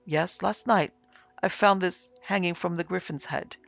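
A man reading a calm, measured ghost investigator. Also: high voice, gravelly, no echo, soft background music, heavily acted. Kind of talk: audiobook character reading.

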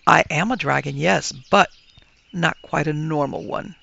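A man voicing a mild, fussy old male dragon who speaks in a genial, unhurried, teasing way. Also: a little high, gravelly, pushed and bright, highs cut off, exaggerated voice.

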